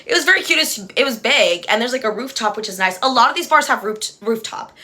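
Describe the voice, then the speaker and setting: Bright-voiced young woman chatting on a livestream. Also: fairly high pitch, animated, fast. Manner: chatty, giggly, easily distracted. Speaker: livestream host. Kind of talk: casual rambling livestream chat.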